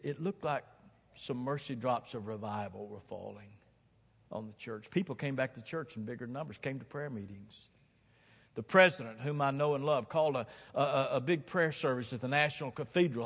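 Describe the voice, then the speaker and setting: A man preaching a sermon from a platform, swinging dramatically from hushed tones to shouting and hammering points home with emphatic repetition. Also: medium pitch. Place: large hall, speaking from a platform. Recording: long hall reverb.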